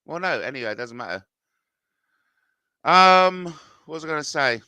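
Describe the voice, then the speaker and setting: A man's voice: a little high, expressive, moderate pace, sharp tone, smooth, no room sound. A man rambling casually to camera in a chatty vlog, laughing things off. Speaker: vlogger.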